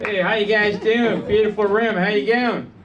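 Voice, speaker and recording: Guy putting on a fake aussie accent, deadpan jokes, sounds far off with lots of room noise. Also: high-pitched, normal speed, highs cut off, lightly acted. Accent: Australian, put on. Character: man faking an Australian stand-up persona. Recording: distant mic, noisy room.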